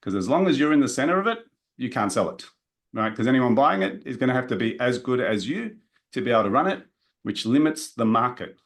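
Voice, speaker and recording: A man giving a live business seminar in a direct, energetic way, talking straight to the audience in the room. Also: mid-range voice, fairly quick. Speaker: business coach presenting a workshop.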